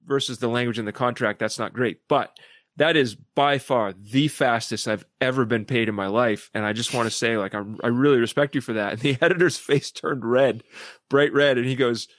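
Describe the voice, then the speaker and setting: A man who is a podcast guest, telling stories animatedly and acting out quoted people in lively voices. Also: mid-range voice, moderate pace, no room sound, clean studio sound. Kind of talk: casual discussion.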